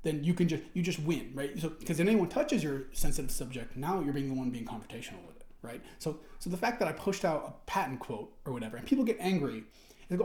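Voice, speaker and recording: A man's voice: on the high side, animated, fast talker, darkish tone. A man reading out forum posts and answering them in an indignant, rambling rant, restarting his sentences and swearing often. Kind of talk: ranting commentary while reading forum posts aloud. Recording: roomy echo.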